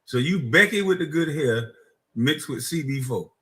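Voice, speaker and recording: A man's voice: fairly high pitch, lively intonation, normal speed, a bit bright. A man with a Gullah Geechee accent from South Carolina, hosting a heated reaction stream and firing back mocking insults. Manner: mocking, combative, laughs at his own insults. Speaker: streamer host.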